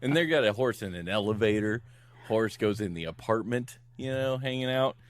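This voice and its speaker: Animated man recounting a movie plot. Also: lowish voice, moderate pace. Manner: animated storyteller who acts out the characters' lines; laughs often while talking. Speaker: podcast guest. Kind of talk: casual chat, retelling a film plot.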